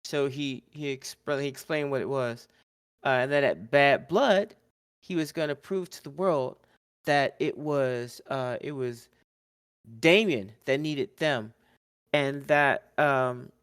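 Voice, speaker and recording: A man co-hosting a podcast, telling a wrestling recap in casual chat. He is animated, laughs often and acts out the wrestlers' lines. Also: medium pitch, slow pace, clean tone, no room sound, studio quality. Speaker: podcast co-host.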